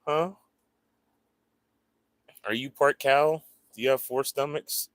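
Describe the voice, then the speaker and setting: A man's voice: mid-range voice, slow, a bit bright, dry recording. A man hosting a casual livestream, rambling to his viewers and cooing at his pets. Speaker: livestream host.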